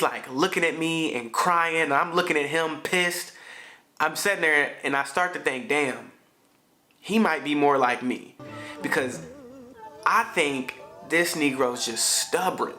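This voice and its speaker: A man's voice: a little high, sharp tone. A father vlogger, a man telling a family story in a slangy, conversational way with frequent fillers. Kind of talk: casual storytelling to camera.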